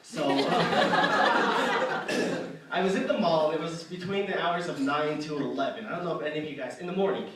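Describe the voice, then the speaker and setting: A man's voice: fairly high pitch, moderate pace, very noisy. A young man telling a rambling, self-deprecating stand-up story on stage, full of fillers and restarts. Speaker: stand-up comedian. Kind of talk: stand-up comedy set. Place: arts center stage. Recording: echoey hall from far off.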